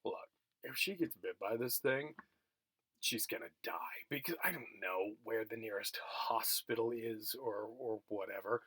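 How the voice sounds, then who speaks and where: A middle-aged college geography instructor records a remote lecture at home, telling a story in a chatty, self-mocking way full of fillers and restarts. His voice is lowish, unhurried and fairly bright, with no echo.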